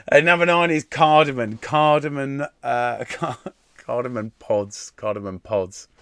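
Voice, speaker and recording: A man's voice: medium pitch, takes it slowly, fairly bright tone, clean tone, no room sound, clean studio sound. A young man hosting a quiz live stream from home into a desk microphone, reading out the answers in a chatty, irreverent way with casual swearing, many fillers and restarts. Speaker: quiz host. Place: at home, room near a kitchen.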